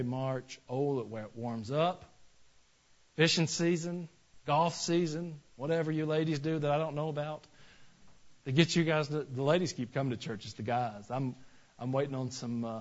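A man's voice: mid-range voice, highs cut off. A male pastor preaching a sermon in a folksy, conversational way that builds into emphatic passages.

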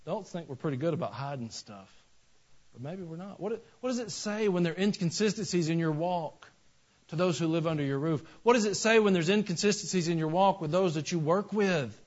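Folksy pastor preaching. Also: male voice, on the high side, lively intonation, a little fast, a little mellow, muffled recording. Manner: folksy, conversational preaching with rising emphatic passages. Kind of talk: sermon.

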